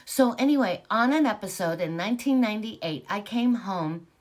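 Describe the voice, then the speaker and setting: A woman in her sixties casually telling her own spiritual story, rambling with many fillers and growing animated at times. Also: medium pitch, moderate pace. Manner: rambling, filler-heavy, animated when excited.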